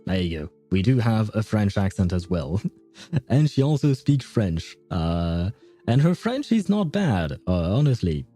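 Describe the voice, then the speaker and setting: Dark-voiced chatty male streamer. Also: fairly low pitch, sing-song, measured pace, soft background music. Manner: chatty, laughs often, many hesitant fillers; reads and answers chat aloud. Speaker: game streamer. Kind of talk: casual live-stream chat while playing.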